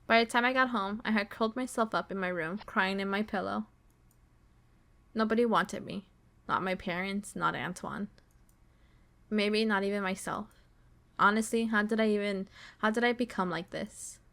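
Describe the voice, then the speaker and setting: A woman streamer reading a visual novel's text aloud, slow and dramatic, breaking off to swear and react. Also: mid-range voice, fairly even intonation, vocal fry, a bit bright.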